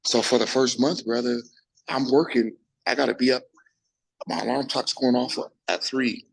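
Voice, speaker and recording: A young man, a bodybuilder, telling his story in a casual interview, animated and full of restarts, acting out quotes. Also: mid-range voice, normal speed, low-quality recording. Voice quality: gravelly, husky. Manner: animated, acts out quotes, frequent restarts and profanity.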